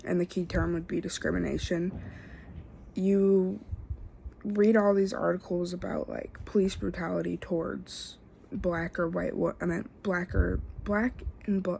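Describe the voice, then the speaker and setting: Young female student, low and gravelly, stumbling through an informal self-assessment with light hiss behind. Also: mellow. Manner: halting, filler-heavy, self-correcting. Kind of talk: casual spoken self-assessment.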